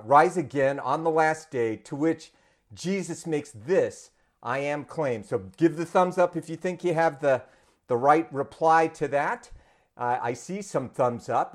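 A man preaching a sermon run as a quiz game for an online congregation, conversational with frequent fillers and restarts. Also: medium pitch. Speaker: pastor. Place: church congregation in Vancouver.

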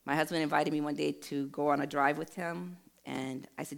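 A woman's voice: low voice, steady tone, fairly quick, gravelly. A middle-aged woman preaching a sermon, telling a personal testimony in an earnest, emphatic storytelling way.

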